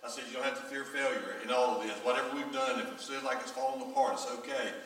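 A pastor preaching a sermon, telling a personal story with emotion, his voice often dropping low and soft. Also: steady tone, fast talker. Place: large church sanctuary. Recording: echoey church hall recorded from far off.

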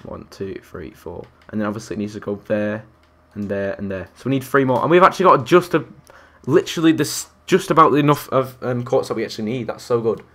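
The young man streaming this game speaks a little fast with few pauses, his medium-pitched voice fairly bright. He counts aloud and reacts to viewers and other players as he plays.

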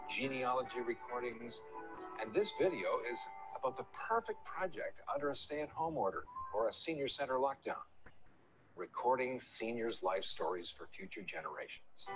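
Older man, measured announcer delivery. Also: mid-range voice. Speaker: retired TV reporter presenting his project. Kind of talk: scripted video pitch. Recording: dull lo-fi audio with loud music behind.

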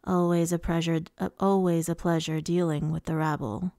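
A woman's voice: fairly low pitch, flat delivery, moderate pace, warm tone, no room sound, studio quality, pitched below the performer's own voice, close to an everyday voice. Rhysand, a woman reading a purring fae lord. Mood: taunting. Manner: purring, taunting, silky. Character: suave menacing male fae lord.

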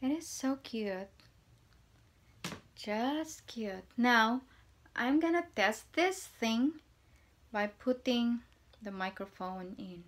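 A woman vlogger chatting softly through a casual unboxing and gushing over small things. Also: on the high side, expressive, slow, long pauses. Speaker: vlogger reviewing gear.

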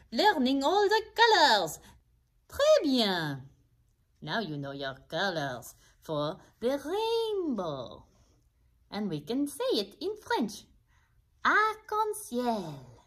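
A bright, friendly furry puppet, played by a woman, teaches little ones in a children's puppet show. Her voice leaps up and down in a big sing-song as she stretches each word out very slowly so the kids can copy it. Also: medium pitch, wildly swooping pitch, heavily acted. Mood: encouraging. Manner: slow, exaggerated, sing-song repeating for kids. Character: cheerful blue-haired furry puppet teacher.

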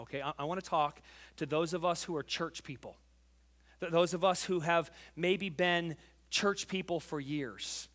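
A man in his forties preaching a sermon as pastor, fervent and emphatic, telling a family story and dropping to quiet intimacy. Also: fairly high pitch, moderate pace. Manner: tells a family story, acting out the voices.

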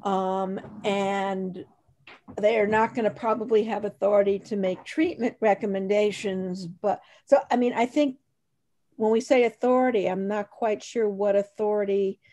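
A woman on a task force asking questions slowly and hesitantly during an online meeting. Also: mid-range voice, fairly even intonation, mellow.

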